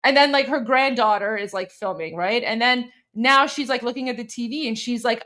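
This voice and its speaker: A woman's voice: a little high, brisk, bright, forceful tone. A Canadian woman hosting a live stream, chatting casually and translating a clip with many fillers. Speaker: host. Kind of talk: casual commentary.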